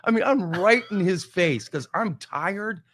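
Animated middle-aged man telling road stories. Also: high voice, a little slow. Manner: animated, acts out quoted voices, swears. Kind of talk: casual storytelling chat.

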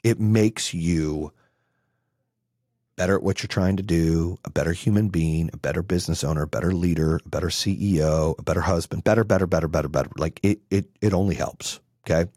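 A man's voice: deep voice, fairly even intonation, fast, few pauses, dark tone, dry recording, clean studio sound. A man in his forties giving a blunt, profane motivational talk as a business coach, swearing freely and speaking with brash conviction. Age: 40s.

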